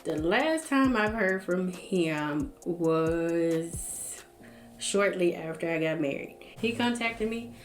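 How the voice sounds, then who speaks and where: A woman's voice: on the low side, animated, slow pace, echoey room, faint music behind. A young woman casually telling a personal story to her viewers, blunt and profane, acting out what others said.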